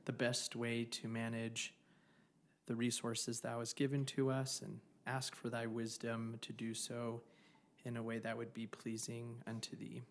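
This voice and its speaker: A councilmember saying an opening prayer in a council chamber, solemn and formal, in slow, measured phrases. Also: male voice, mid-range voice, monotone. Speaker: councilmember giving an invocation.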